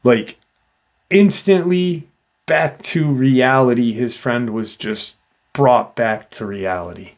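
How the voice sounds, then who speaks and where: A man's voice: medium pitch, slow. A man hosting a paranormal channel, casually retelling a witness's encounter with loose fillers.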